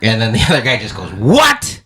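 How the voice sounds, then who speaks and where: With a lowish voice at a brisk pace, this podcast co-host tells stories in a relaxed conversation, acting out what people said and laughing. The recording carries a little hiss or hum.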